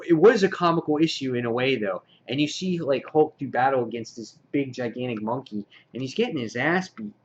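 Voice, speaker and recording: Guy doing a comic review, lots of uh's, gets hyped retelling stuff, kinda dull lo-fi audio w/ a little hiss. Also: mid-range voice. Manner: frequent "uh" fillers, excitable retelling with quoted lines. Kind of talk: casual video review.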